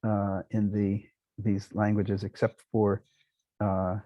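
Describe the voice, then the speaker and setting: An older man lecturing on linguistics to a university class, pausing often with many fillers and restarts and now and then clearing his throat. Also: on the low side, monotone, no echo, highs cut off. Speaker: linguistics professor.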